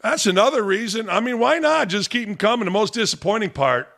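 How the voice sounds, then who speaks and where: Bright-voiced blunt sports talk host. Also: male voice, sits high, animated, a little fast, creaky. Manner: blunt and combative, talks back to the audience. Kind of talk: opinionated sports commentary.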